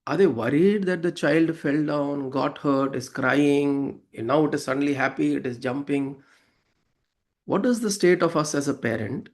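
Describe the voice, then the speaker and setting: A man's voice: a little high, normal speed. A man giving a devotional talk that explains verses to listeners, conversational and often checking in with "right?". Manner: conversational, acts out quoted voices, asks listeners "right?". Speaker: spiritual teacher.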